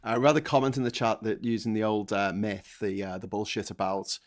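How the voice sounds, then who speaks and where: A man's voice: fairly low pitch, little pitch movement, brisk. A man co-hosting a casual political chat show, talking in a wry, sarcastic way.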